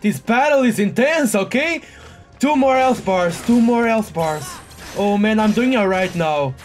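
A man narrates his own gameplay in a drawn-out, unhurried way, though he keeps bursting into exclamations and curses at a tough boss. Faint game music plays underneath his voice. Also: high-pitched. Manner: excitable, exclaiming and cursing at a boss fight. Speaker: gaming video host. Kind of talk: live gameplay commentary.

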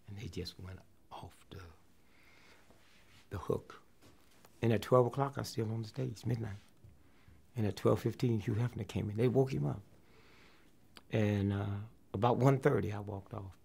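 An older man, a comedian, telling a story from his career in an interview, acting out the people in it and dropping to hushed near-whispers. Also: lowish voice, moderate pace, vocal fry, pauses often, slightly rough. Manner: animated storyteller, acts out quotes, drops to hushed near-whispers.

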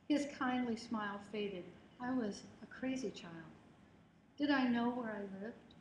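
A woman reads her own literary prose to an audience in a measured, expressive way, lingering on phrases. Her voice sits a little high. The sound carries the echo of a roomy hall over a faint hiss from the livestream. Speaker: author giving a public reading. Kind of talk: literary memoir reading. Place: lecture hall at a reading event.

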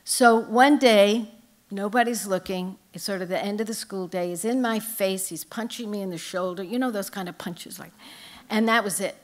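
Older woman telling lively stage stories. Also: medium pitch, normal speed. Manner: lively, humorous anecdotes. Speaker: author guest at a book festival. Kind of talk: storytelling on stage. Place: live event with an audience.

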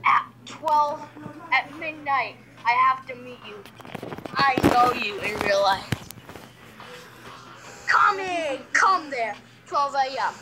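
A woman voicing a secretive plush Mario figure arranging a midnight meeting over the phone, in a low hushed voice. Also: lively intonation, slow, pauses often, noisy background.

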